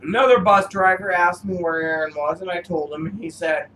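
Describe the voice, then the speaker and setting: High, bright-voiced man rambling through stories. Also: a little hiss or hum, low-quality recording. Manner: meandering, halting, full of fillers. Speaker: cigar reviewer. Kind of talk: rambling personal storytelling.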